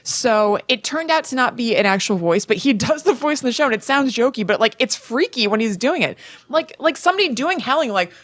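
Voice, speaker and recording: A woman's voice: a little high, expressive, fairly quick, a bit bright, no room sound. A young woman co-hosting a podcast, casually retelling a story in a chatty way full of "like" fillers. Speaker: podcast co-host.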